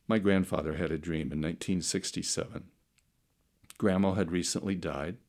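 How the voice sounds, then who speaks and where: A middle-aged man preaching a sermon through slow, dramatic storytelling that swings between loud and soft. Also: low voice. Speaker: pastor.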